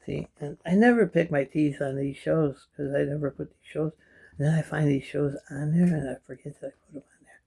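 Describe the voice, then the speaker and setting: Fairly high-pitched yet dark and husky, with vocal fry, the man talks fairly quickly. He is a middle-aged vlogger with missing teeth who rambles from a kitchen chair to a camera placed in front of him, keeping it chatty, slipping into asides and often dropping into a mumble during this home vlog.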